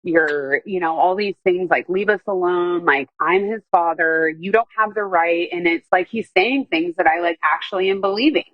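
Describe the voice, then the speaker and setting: A woman's voice: fairly low pitch, moderate pace, few pauses, dry recording, dull audio. A woman telling a personal story on a podcast in a rambling way, with many fillers, often quoting what others said. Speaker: guest telling her story.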